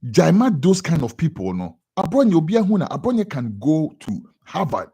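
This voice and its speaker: A young Ghanaian man with a Ghanaian accent giving an animated editorial commentary on radio, often repeating words for emphasis. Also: fairly high pitch, brisk, vocal fry, slightly rough.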